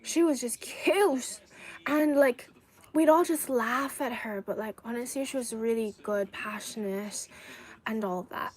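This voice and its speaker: A young woman from China hosts a relaxed live-stream chat. Her voice sits a little high, and she rambles through reassuring thoughts and viewer comments in a casual, friendly flow. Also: a little slow, rough recording. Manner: chatty, rambling, reads viewer comments aloud. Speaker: livestreamer.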